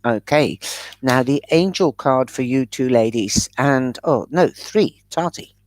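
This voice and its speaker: A woman's voice: a bass voice, lively intonation, a little slow, darkish tone, no room sound. A woman giving a chatty live-stream tarot reading, calling viewers by pet names. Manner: chatty, showers viewers with endearments. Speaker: tarot reader.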